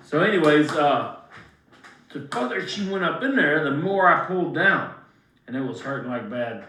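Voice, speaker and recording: A man telling a story as a guest in casual talk, emphatic and animated, swearing freely. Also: a little high, normal speed. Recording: roomy, distant mic.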